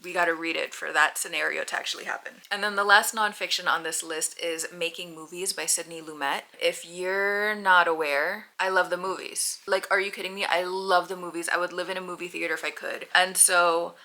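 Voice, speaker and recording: A woman's voice: fairly low pitch, fairly even intonation, fairly quick, few pauses, pushed and bright. A woman book vlogger chatting casually to camera in a playful, self-deprecating way.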